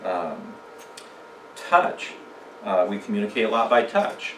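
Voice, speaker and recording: A man of ordinary pitch teaches a church communication seminar, chatting with the audience and throwing them questions. His voice carries through an echoey room, picked up from a distance, with a faint hiss under it. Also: very animated, slow pace. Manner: conversational, asks the audience questions, tells jokes. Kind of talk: casual church seminar talk.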